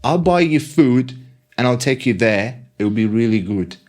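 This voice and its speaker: A man voicing a kind, eager female lecturer with a put-on Korean-style accent and warm, broken, pleading phrasing. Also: medium pitch, lively intonation, unhurried, close to an everyday voice.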